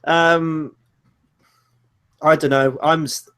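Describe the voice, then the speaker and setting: Animated, higher-voiced man reviewing films. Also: drawn-out words, clean tone. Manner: animated, rambling, sarcastic. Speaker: podcast co-host. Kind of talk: casual film review chat.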